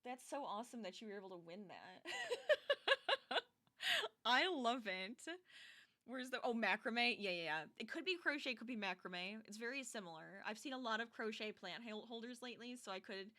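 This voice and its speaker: A woman's voice: fairly high pitch, lively intonation, normal speed, sharp tone. A young adult woman streaming as she crochets, chatting casually and animatedly with her viewers and laughing often.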